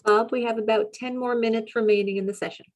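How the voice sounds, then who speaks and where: A woman's voice: fairly high pitch, steady tone, fast talker, dull audio. A woman moderating a workshop session who politely asks the speaker to clarify his points.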